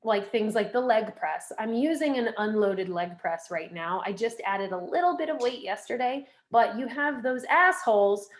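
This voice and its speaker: A woman's voice: a little high, expressive, moderate pace, few pauses. A young woman guest on a podcast, talking casually with lots of fillers and giving direct advice. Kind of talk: casual interview chat.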